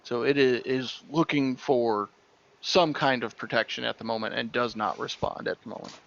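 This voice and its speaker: A man narrating as dungeon master of a tabletop game, unhurried and sometimes searching for words. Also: mid-range voice, gravelly, a bit bright, highs cut off.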